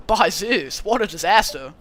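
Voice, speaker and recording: A man's voice: high voice, lively intonation, measured pace, a bit bright. A man voicing a laid-back young male satyr with a put-on Californian accent and a bleating, goat-like drawl. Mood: breezy. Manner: upbeat, easygoing slang.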